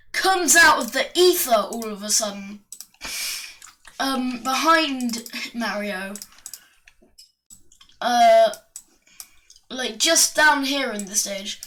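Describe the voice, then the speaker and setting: A woman's voice: a little high, bright, forceful tone. A woman rambling through an improvised story while drawing, full of fillers and slangy asides. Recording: distant mic with faint clicking.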